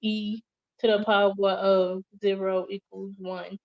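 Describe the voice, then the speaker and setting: A woman's voice: medium pitch, level tone, takes it slowly. A woman student answering in an online math lesson, hesitant and thinking aloud. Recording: dull lo-fi audio.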